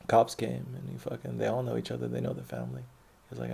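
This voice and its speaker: A man's voice: medium pitch, level tone, fast, creaky, dark tone, slightly rough. A man telling a personal story in a casual, rambling, profane way, often stopping to correct himself.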